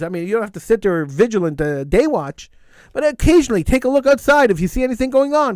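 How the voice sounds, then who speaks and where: A man's voice: extremely high pitch, lively intonation, brisk, no echo. A man hosting a call-in show, telling a story in a blunt, opinionated way and repeating phrases for emphasis. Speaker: talk show host. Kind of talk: call-in radio monologue.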